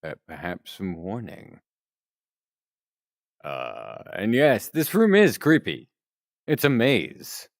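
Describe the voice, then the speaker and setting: A man's voice: lowish voice, huge pitch swings, takes it slowly, vocal fry, pauses often, no room sound. A man streaming a game and chatting playfully with his viewers, calling them folks. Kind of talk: casual game-streaming chat.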